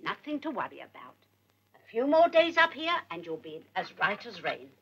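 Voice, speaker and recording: A woman's voice: mid-range voice, big pitch swings, moderate pace, a bit bright, husky, highs cut off, heavily acted. A woman playing a fussy, doting old nanny in a 1950s British film, scolding grown men in baby talk. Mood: scolding, coaxing. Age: older. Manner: baby-talking, scolding like to a child.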